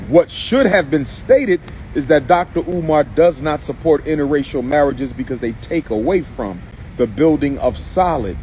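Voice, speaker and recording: A man's voice: mid-range voice, a little mellow, a little hiss or hum, low-quality recording. A man delivering a live-streamed monologue as an activist commentator, emphatic and repetitive, speaking straight to the person he answers. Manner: emphatic and repetitive, addressing someone directly.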